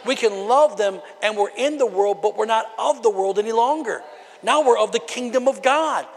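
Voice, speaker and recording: A man pastor preaching a conversational sermon from the platform, building into shouted bursts. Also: high-pitched, normal speed. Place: church sanctuary. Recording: long hall reverb of a church.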